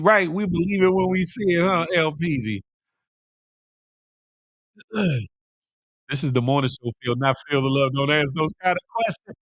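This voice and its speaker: A middle-aged man hosts a morning livestream show, reading viewer comments aloud with casual, slangy banter and frequent laughter. His voice is medium pitch at normal speed with long pauses, recorded in studio quality without echo.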